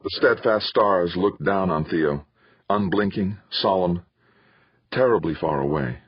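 Deep husky male audiobook narrator. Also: no echo. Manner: measured storytelling. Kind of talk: scripted narration. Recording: dull lo-fi audiobook recording.

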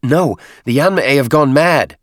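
A man voicing a hot-blooded young male alien warrior who shouts defiantly, in a dry close recording. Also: mid-range voice, unhurried, dry recording, pitched above the performer's own voice, natural voice. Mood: shouting.

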